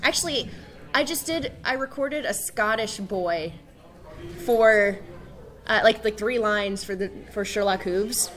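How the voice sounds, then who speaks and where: A woman's voice: mid-range voice, measured pace, a bit bright. A woman voice actress chatting casually on a convention panel, self-deprecating and prone to restarts.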